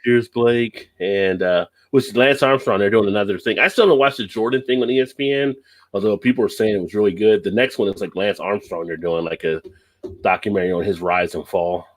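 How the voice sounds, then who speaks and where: A man's voice: lowish voice, fairly quick. A man hosting a live stream, chatting casually and telling long stories with a laugh. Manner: easygoing, laughs often, tells stories at length. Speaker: livestream host.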